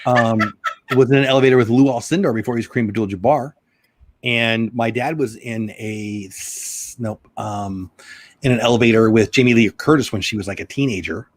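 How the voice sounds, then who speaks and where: A middle-aged man hosting a casual livestream chat, joking and rambling with quick asides. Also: mid-range voice. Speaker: livestream host.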